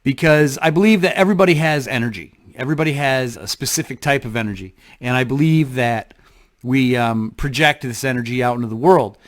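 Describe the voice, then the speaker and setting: Man musing in a halting vlog. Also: mid-range voice. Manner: halting, thoughtful, frequent restarts. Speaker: vlogger. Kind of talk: reflective casual monologue to camera.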